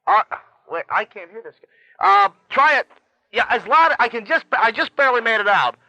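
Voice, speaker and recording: A radio DJ man taking a phone call, flustered and quick-talking, growing testy along the way. His voice is high and tense, and it sounds dry and close. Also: big pitch swings, sharp tone, no echo. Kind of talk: casual phone chat.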